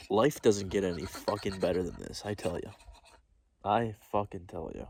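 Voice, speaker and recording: Casual male vlogger, deep-pitched, heartfelt and profane, recorded outdoors over heavy background noise. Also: moderate pace, creaky. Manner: relaxed, rambling, heartfelt, swears often. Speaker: solo van traveler. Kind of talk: casual vlog to camera. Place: outdoors at a desert arch.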